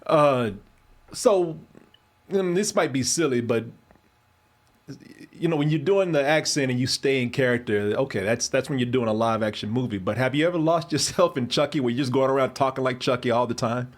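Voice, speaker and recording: A man's voice: mid-range voice, normal speed. A man hosting a casual interview, chatty and laughing often, with long rambling questions. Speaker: interview host.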